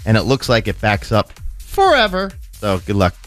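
A man's voice: on the low side, huge pitch swings, normal speed, fairly bright tone, faint music behind. A man co-hosting morning radio, telling a funny story and reading traffic casually.

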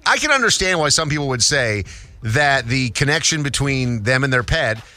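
A man's voice: medium pitch, lively intonation, moderate pace, bright, forceful tone. A middle-aged man co-hosting a morning radio show, chatting casually and teasing his co-host. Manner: teasing, conversational.

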